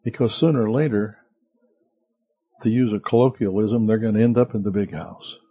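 A man's voice: fairly low pitch, moderate pace, warm tone, slightly rough, lo-fi sound. A man preaching a conversational sermon as pastor, asking the listeners rhetorical questions.

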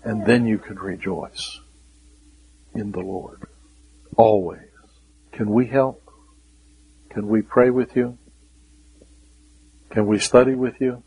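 A male preacher delivering a sermon at an unhurried, deliberate pace. His voice has a slightly husky edge, and he leans on repetition, sinking to a hushed tone whenever he quotes scripture. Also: lowish voice, fairly even intonation, low-quality recording. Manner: earnest, repeats key words, drops to a hushed voice for scripture.

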